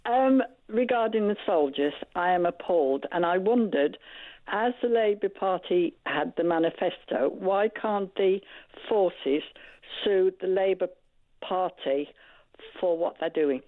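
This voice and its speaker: A woman's voice: fairly low pitch, animated, unhurried, no room sound. A woman from Gwynedd, calling in to a radio show and speaking earnestly and indignantly. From Gwynedd, Wales. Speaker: caller. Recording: tinny dry phone line.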